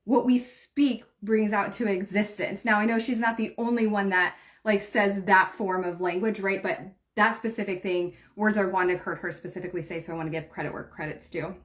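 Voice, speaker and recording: A woman's voice: medium pitch, fairly even intonation, fairly quick, few pauses, fairly bright tone. A woman giving a heartfelt motivational livestream talk as a spiritual coach. She speaks directly to her viewers and often says "like" and "right?". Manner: earnest, heartfelt, leans heavily on "like" and "right?".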